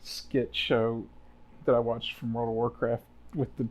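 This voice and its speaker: A man's voice: mid-range voice, a little slow. A man playing a tabletop game, joking around in casual chat with his group. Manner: joking, animated. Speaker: player.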